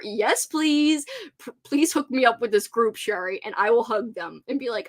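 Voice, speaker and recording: Bubbly higher-voiced woman chatting on a livestream. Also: animated, unhurried. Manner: bubbly and gushing, laughs often, many "like" fillers. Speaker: host of a reading livestream. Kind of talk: casual livestream chat, reading out viewer comments.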